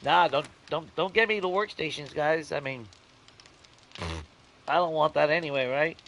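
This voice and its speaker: A young adult man hosting a let's-play, chatting casually to his viewers, swearing freely and swinging between grumbling and giddy excitement. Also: on the high side, moderate pace, gravelly, slight background noise. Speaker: gaming channel host.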